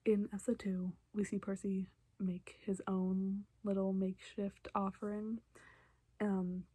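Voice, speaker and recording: A young woman casually recapping a show for her vlog, chatty and emotional, often dropping to a soft hush. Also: mid-range voice, dry recording. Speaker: reaction vlogger.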